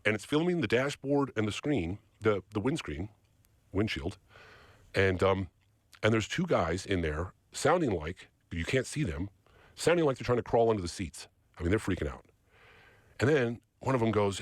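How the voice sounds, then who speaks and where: A man's voice: on the low side, sing-song, normal speed, no room sound, clean studio sound. A man, a podcast guest, telling a long story with energy and acting out other people's lines in quotes. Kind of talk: animated storytelling.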